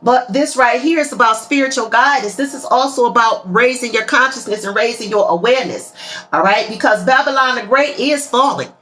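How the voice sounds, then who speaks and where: A woman's voice: a little high, fairly quick, bright, forceful tone. A woman giving an earnest, emphatic spiritual talk to her viewers, often calling out to them directly. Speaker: tarot and spiritual reader. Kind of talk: casual spiritual monologue to viewers.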